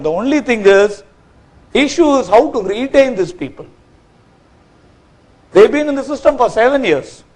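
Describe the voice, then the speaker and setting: A man gives a corporate training talk from a workshop stage, lively and quizzing his audience. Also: very high voice, rough recording. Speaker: workshop speaker.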